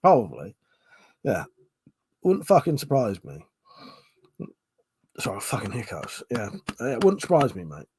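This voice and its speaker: A man's voice: medium pitch, huge pitch swings, measured pace, pauses often, darkish tone, husky. A man hosting a casual live stream, reading out viewer comments in a rambling, sweary, jokey way, yawning and short of breath.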